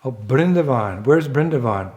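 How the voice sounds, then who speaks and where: A man voicing an eager, simple-minded male thief in a spoken story, talking bluntly and excitably. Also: medium pitch, moderate pace, close to an everyday voice. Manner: excitable, blunt, shouts when frustrated.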